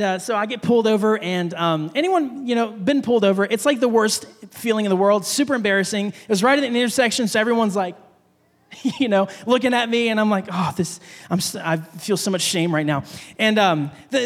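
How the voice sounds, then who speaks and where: A pastor in his young adult years preaches to his congregation in a chatty, storytelling way, switching into a fretful voice whenever he acts out what went through his head. His voice sits very high for a man, and it rings out with the long reverb of a church sanctuary. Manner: animated storytelling, acting out his own panicked thoughts. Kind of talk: conversational sermon with personal story.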